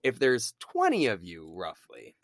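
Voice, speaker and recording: A man's voice: fairly low pitch, measured pace, creaky, no echo, clean studio sound. A man co-hosting a podcast, chatting casually and sarcastically, often acting out voices. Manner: animated, sarcastic, acts out voices. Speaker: podcast co-host. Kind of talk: casual chat.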